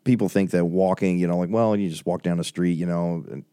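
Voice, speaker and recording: Deep-voiced, mellow male host. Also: fairly even intonation, brisk, clean tone, no echo, clean studio sound. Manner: conversational, many fillers. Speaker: interview host. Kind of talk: casual interview.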